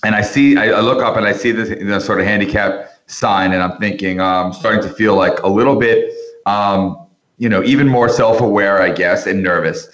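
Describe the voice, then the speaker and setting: A man who is a podcast guest, telling a long story with lots of restarts and animated turns. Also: on the low side, moderate pace, roomy sound, muffled recording. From New York area. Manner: animated anecdote-teller with frequent restarts. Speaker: interview guest.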